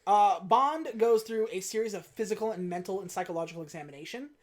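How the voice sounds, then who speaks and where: A woman's voice: mid-range voice, fast. A woman podcast host in casual chat, recapping a film in a laid-back, profane storytelling way with wry asides.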